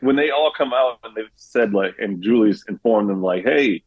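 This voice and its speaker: A man talking as a podcast guest in casual chat, animated, laughing often and filling his speech with "like". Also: on the low side, normal speed, narrow, tinny audio.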